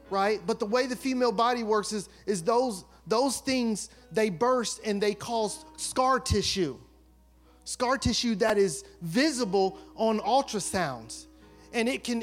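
A man giving a fervent testimony sermon, acting out the people in his story and rising to loud, forceful bursts. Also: high-pitched. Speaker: preacher.

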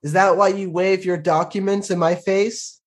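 A man's voice: high-pitched, steady tone, moderate pace, voice pushed up, close to an everyday voice. A man playing a defiant, lovestruck young knight in a tabletop role-play, speaking bluntly. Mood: challenging.

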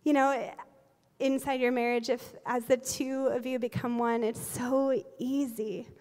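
A woman pastor in her forties delivers a sermon with a fairly high voice. She tells stories in a lively, humorous way and breaks into quick laughs. Her voice rings out with the long reverb of a large church sanctuary.

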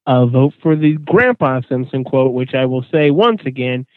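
A man's voice: mid-range voice, lively intonation, moderate pace, dry recording. A man hosting a casual panel chat, moderating the votes with jokes. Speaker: podcast host. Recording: tinny phone-like sound.

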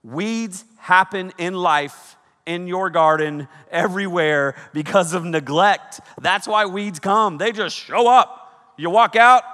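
A man in his thirties preaching a sermon, telling stories with energy that swings from loud bursts to hushed, serious points. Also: fairly high pitch, unhurried. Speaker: pastor. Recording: long hall reverb.

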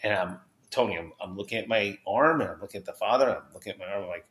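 A man from New Jersey, a podcast guest, telling a personal story with high energy and acting out the voices he quotes. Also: fast talker, few pauses, a bit bright, echoey room.

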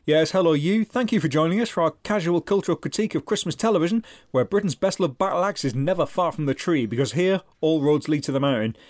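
A man co-hosting a podcast with a dry, deadpan, sweary delivery. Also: on the high side, fast talker, few pauses, no echo. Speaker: podcast co-host. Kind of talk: casual chat with scripted intro.

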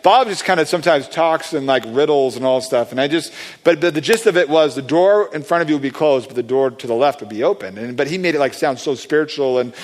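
A man excitedly telling a testimony story about praying for people, rambling with many fillers and restarts. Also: a little high, fast. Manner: animated, acts out quoted voices. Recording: long hall reverb.

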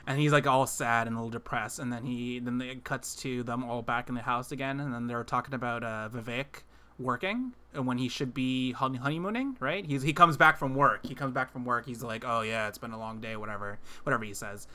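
A male podcast co-host with a bright, forceful tone, chatting casually. He rambles through a film's plot, circling back on himself with fillers and restarts. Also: medium pitch, brisk. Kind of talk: casual chat retelling a film plot.

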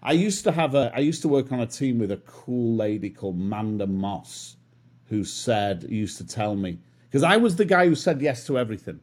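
A man in his fifties reflects aloud in a relaxed interview. He muses and corrects himself and pokes fun at his own slowness to learn. His voice sits at an ordinary middle pitch. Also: slightly rough. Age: 50s. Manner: musing, self-deprecating, with restarts. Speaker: guest.

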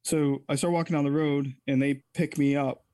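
A man's voice: a little high, level tone, normal speed, warm tone, smooth, no echo. A man telling a personal story as an interview guest, candid and rambling, often correcting himself mid-sentence.

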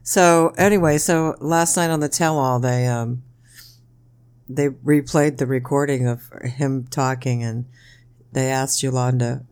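A podcast co-host in casual chat, an animated storyteller who laughs often and keeps saying "you know". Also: unhurried, clean tone. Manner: animated storyteller, jumps into high-pitched impressions, laughs often.

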